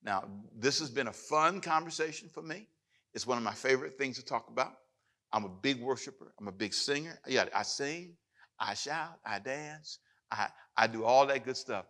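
A man pastor preaching in a church, his voice bright and pressing. He climbs in volume when reading scripture and settles to plain talk for questions. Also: medium pitch, moderate pace. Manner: animated preaching, rising loud on scripture. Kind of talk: sermon with Q&A. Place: church hall with live audience.

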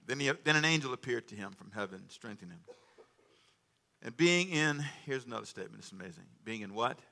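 A man preaching a sermon, calling for responses from the congregation and joking with them between loud, emphatic stretches. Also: medium pitch, lively intonation, fairly quick, vocal fry. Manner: humorous asides to the congregation. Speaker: pastor. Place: church sanctuary.

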